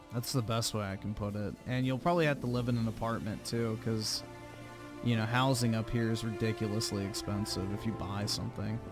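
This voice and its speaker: A man hosting a livestream, reading viewer donations aloud in casual chat with an offhand, blunt manner and casual swearing. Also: mid-range voice. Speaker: livestream host. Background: music playing under the voice.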